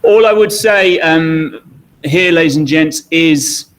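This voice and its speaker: A man's voice: a little high, slow pace, poor audio. A man, a teacher, presenting key dates to parents at a school evening, hesitant and full of fillers. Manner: hesitant, many ums and uhs. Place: school hall.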